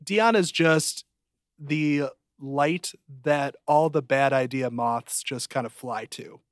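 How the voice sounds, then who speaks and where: A man's voice: fairly high pitch, slow, clear, resonant tone, dry recording, studio quality. A man co-hosting a podcast, chatting casually and jokingly about a TV show, his voice jumping up when he gets emphatic. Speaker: podcast co-host. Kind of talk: casual chat reviewing a TV show.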